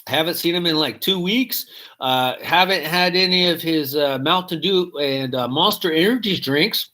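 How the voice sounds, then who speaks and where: Guy rambling on a live hat podcast, swears a lot, kinda high voice. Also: normal speed, pushed and bright. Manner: rambling, swears casually, reads chat aloud. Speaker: podcast host. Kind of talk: casual live-stream chat.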